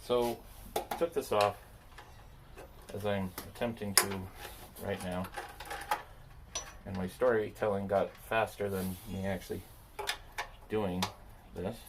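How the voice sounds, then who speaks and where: A man with a fairly low voice talks slowly and casually while he tinkers with a machine outdoors, rambling and joking at his own expense. Clear background noise runs under the recording. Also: fairly even intonation. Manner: rambling, self-deprecating, talks to himself while working. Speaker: landscaping business owner repairing equipment. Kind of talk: casual chat while working.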